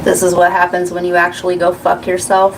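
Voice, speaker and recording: A woman's voice: on the low side, completely flat delivery, fairly quick, background noise. A woman in her forties hosting a psychic reading channel, talking in a blunt, profane, rambling way and laughing often. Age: 40s.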